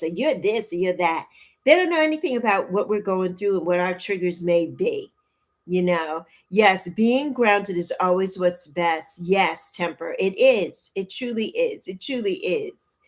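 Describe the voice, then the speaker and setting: A woman in her early sixties hosting a casual livestream, chatting warmly and repeating her phrases as she answers viewers' comments. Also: lowish voice. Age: 60s. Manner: warm, chatty, repeats phrases, laughs often. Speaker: livestream host.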